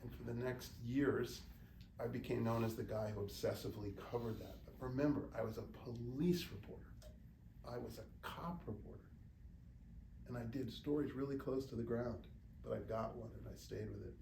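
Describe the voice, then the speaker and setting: A middle-aged American man, a journalist and guest speaker, telling animated anecdotes to a small group of students and acting out quotes as he goes. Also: mid-range voice, fairly quick, creaky. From United States. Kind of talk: storytelling talk to students. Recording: echoey room, distant mic, faint noise.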